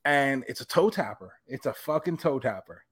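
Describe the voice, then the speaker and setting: A man's voice: medium pitch, expressive, normal speed, fairly bright tone, slightly rough, no echo, studio quality. A man co-hosting a podcast in casual chat, easygoing and reflective, swearing casually. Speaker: podcast co-host.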